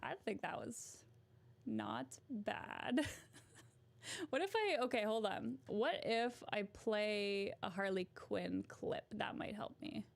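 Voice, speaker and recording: A woman's voice: medium pitch, animated, slow, creaky. A woman vlogger chatting casually to camera, giggly and poking fun at herself. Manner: giggly and self-mocking.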